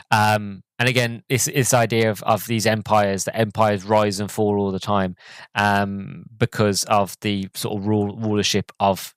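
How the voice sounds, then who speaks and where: A man's voice: lowish voice, dry recording. A man hosting a podcast, giving an enthusiastic casual movie review full of restarts and fillers. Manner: rambling, many restarts and fillers. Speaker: podcast host.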